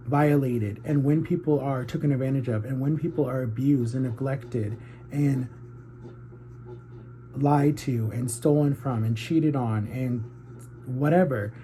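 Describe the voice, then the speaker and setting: Man, 30s, mellow tone, candid confessional vlogger, heartfelt and earnest. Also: medium pitch, slight background noise. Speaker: YouTuber. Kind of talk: confessional vlog.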